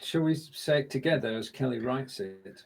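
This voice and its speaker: A man's voice: medium pitch, expressive, moderate pace, poor audio. A man co-hosting a casual live-stream show, chatting in a friendly, upbeat way as he runs a quiz and mutters to himself while working the screen share.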